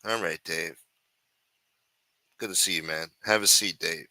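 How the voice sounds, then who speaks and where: A man's voice: on the low side, expressive, moderate pace, pauses often, pushed and bright, dry recording. A man hosting a late-night livestream, chatting with viewers in a sing-song voice and full of crude joking banter. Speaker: livestream host.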